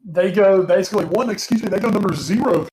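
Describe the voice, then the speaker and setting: A man's voice: high voice, quick pace, background noise. A tired man co-hosting a casual sports podcast, rambling with lots of ums and casual swearing. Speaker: co-host. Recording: echoey room.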